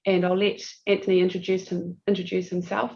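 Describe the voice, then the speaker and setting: A woman's voice: lowish voice, flat delivery, a little fast, gravelly, darkish tone. A woman with a New Zealand accent presenting a legal webinar in a chatty, self-deprecating way with frequent fillers, over a video call. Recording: dull lo-fi video call audio.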